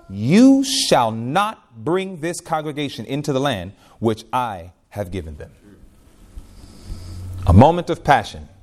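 Emphatic male preacher with lively pitch. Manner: emphatic, swings from quiet to loud, rhetorical questions. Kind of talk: sermon.

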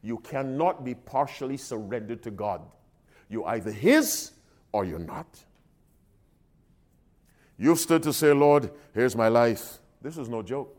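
A man preaching a sermon in an emphatic call-and-response style, swinging between loud appeals and soft asides. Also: mid-range voice, expressive, unhurried, pauses often.

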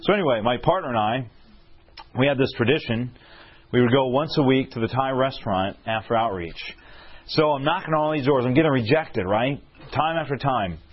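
A husky man delivers a storytelling sermon, animated and often turning to his listeners with questions. His voice sits at an ordinary pitch. The recording is dull and lo-fi. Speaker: preacher.

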